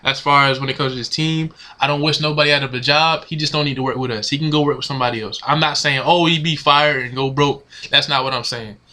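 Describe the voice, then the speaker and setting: A man's voice: medium pitch, fairly even intonation, fast, few pauses, sharp tone. A man ranting casually to his camera as a sports fan, exasperated and slangy, repeating himself. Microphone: camera mic.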